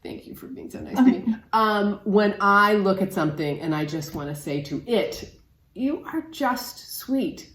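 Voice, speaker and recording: A woman's voice: medium pitch, moderate pace, a bit bright, echoey room. A woman co-hosting a crafting vlog, chatting casually with her sister in a musing way, often trailing off and restarting. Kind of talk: casual chat between sisters.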